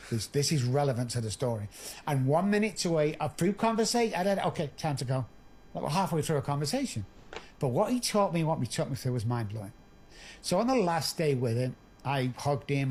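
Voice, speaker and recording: A man's voice: mid-range voice, darkish tone, slight background noise. A middle-aged man, a podcast guest, telling his own story candidly and earthily, acting out the dialogue.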